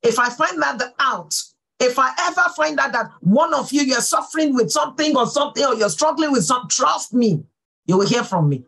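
A woman pastor giving a sermon, fervent and full of praise exclamations, swinging from soft talk to calling out. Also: sits high, lively intonation, brisk, vocal fry, low-quality recording.

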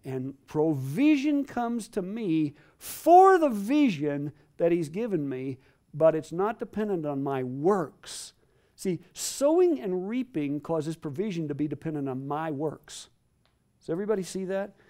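A man's voice: fairly high pitch, very animated, unhurried, dark tone. A man preaching a teaching sermon to a live audience, emphatic and repeating phrases for stress. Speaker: Bible teacher.

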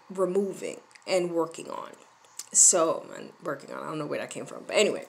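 A middle-aged woman giving parenting advice in casual talk to the camera, firm and emphatic, and she repeats her points. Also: mid-range voice.

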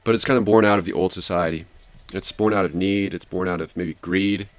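A man's voice: low-pitched, steady tone, brisk, no room sound. A man hosting a study channel, summarizing and explaining a history book in a casual way, thinking aloud with fillers and restarts. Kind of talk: casual study-guide commentary.

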